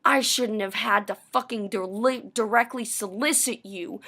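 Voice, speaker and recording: A woman's voice: fairly high pitch, a little slow, few pauses, pushed and bright. A woman ranting to camera in a personal vlog, bitter and sarcastic, swearing often. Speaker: vlogger. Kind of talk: angry personal rant.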